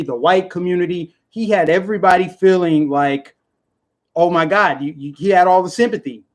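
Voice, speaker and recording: Indignant man ranting on a livestream. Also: sits high. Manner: heated, indignant, repetitive. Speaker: livestream vlogger. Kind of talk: angry political livestream rant.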